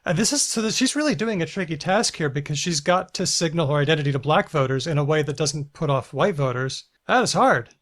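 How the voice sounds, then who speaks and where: Co-host, woman, very low voice, rapid casual talk. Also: animated. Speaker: podcast co-host. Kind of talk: casual chat.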